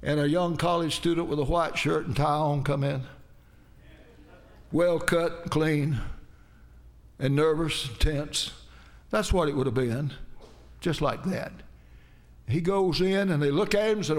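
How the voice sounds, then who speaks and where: Male preacher with a high voice, folksy storyteller who keeps checking in with the congregation. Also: measured pace, long pauses. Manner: folksy, dramatic retelling with asides to the audience. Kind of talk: storytelling sermon.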